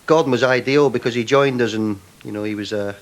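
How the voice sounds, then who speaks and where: A man, a former player, recalling team stories in a relaxed, reflective interview. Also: medium pitch, a little fast. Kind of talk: anecdotal interview.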